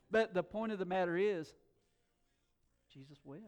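Middle-aged pastor, conversational sermon. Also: male voice, high-pitched, normal speed. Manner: conversational, emphatic, with stammered repeats.

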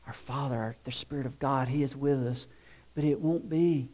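A male pastor preaching a sermon and telling a story, shifting from soft, hushed passages to loud ones. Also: mid-range voice, moderate pace.

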